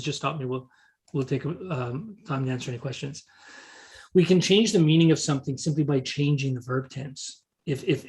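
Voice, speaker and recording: A man teaching a live real estate seminar, often repeating short words as he quotes example dialogue to the audience. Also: fairly high pitch. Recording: meeting talk to an audience.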